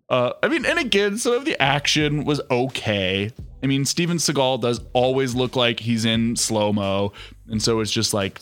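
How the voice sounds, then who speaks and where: A man, hosting a podcast in a loose, chatty way. He tells stories with sarcasm and a lively, swooping pitch, full of filler words. Faint music plays behind him. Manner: sarcastic, animated storytelling with many fillers. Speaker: podcast host. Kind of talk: casual chat.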